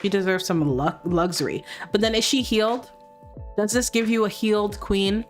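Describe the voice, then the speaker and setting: A woman's voice: medium pitch, moderate pace, soft background music. A woman hosting a life-sim let's play, chatting playfully with her viewers as she plays. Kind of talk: casual gameplay commentary.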